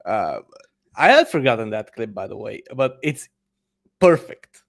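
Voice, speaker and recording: A man chatting as a podcast guest, relaxed and a little hesitant, with fillers. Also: lowish voice, measured pace, vocal fry. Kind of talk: casual podcast chat.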